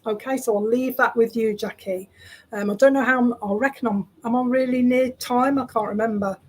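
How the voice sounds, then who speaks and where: A woman working as a spiritualist medium, relaying spirit messages over a video call in a chatty, halting, reassuring way. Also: a little high, steady tone.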